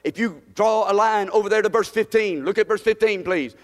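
A man's voice: high voice, a little fast, big-room sound. A man preaching a Bible study sermon, drawing the congregation into call-and-response and building to emphatic, repeated questions. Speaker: pastor.

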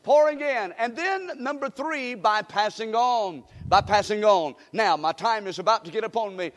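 A man's voice: very high voice, animated, normal speed, a bit bright, in a large hall. An older man preaching a sermon in a church, folksy and emphatic, leading the congregation in call-and-response. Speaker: guest preacher.

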